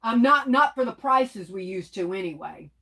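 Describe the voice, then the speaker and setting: Lady on a livestream, reading chat out loud, laughs a lot, kinda high voice. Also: animated, normal speed. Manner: chatty, laughing, reads comments aloud.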